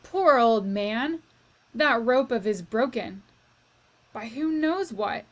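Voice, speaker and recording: A woman reading aloud puts on a ferocious, mouse-hating castle cook from a storybook. She bellows and wails, loud and worked up, in a fairly high voice at a slow, heavy pace. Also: lively intonation. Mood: outraged. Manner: shouting, wailing, bellowing. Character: fierce loud middle-aged female castle cook.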